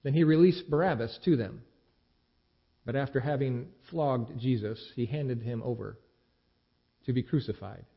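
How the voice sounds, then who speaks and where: A man giving a dramatic scripture reading, expressive, with the quoted speech acted out. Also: medium pitch, moderate pace, vocal fry, long pauses. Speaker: scripture reader. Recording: dull lo-fi recording.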